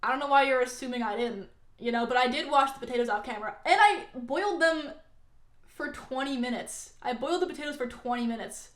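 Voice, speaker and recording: A young woman content creator reacts to comments in casual commentary, sounding chatty, exasperated and sarcastic. Her voice is slightly high and brisk, recorded in an echoey room.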